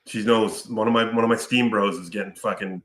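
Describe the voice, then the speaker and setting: A man's voice: lowish voice, fairly even intonation, a little fast, crowd noise. Swearing man talking into a roomy, unplugged mic. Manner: profane, rambling storyteller with lots of fillers. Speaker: podcast host recapping a film. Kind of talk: casual chat. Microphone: picked up from afar by another mic.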